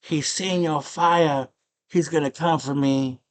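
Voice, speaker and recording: Shrill, slow-wailing scared princess put on by a man retelling a movie, high and pleading. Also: steady tone, slight background noise. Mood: frightened. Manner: high, drawn-out falsetto wail.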